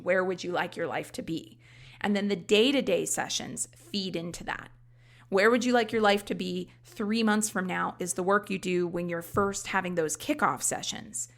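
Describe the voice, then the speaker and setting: A woman's voice: fairly low pitch, creaky, fairly bright tone. A woman hosting a podcast, explaining coaching skills in a conversational teaching manner with frequent casual asides. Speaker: life coach trainer and podcast host. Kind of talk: instructional podcast talk.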